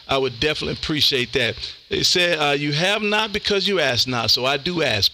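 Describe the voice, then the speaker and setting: A man working the ham radio, his voice bright and forceful with a slightly higher pitch. He talks in a laid-back way, tosses "man" into every sentence, and calls CQ between contacts. A faint hiss sits under the mic. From Texas. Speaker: ham radio operator streaming live. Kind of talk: casual radio chat and CQ calls.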